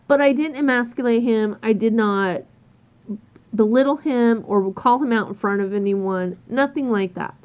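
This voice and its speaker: A fairly high-voiced woman tells a work story in a loose, exasperated rant. She swears freely and acts out what others said in animated voices. The recording sounds dull and lo-fi. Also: normal speed, clean tone. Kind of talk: casual ranting monologue.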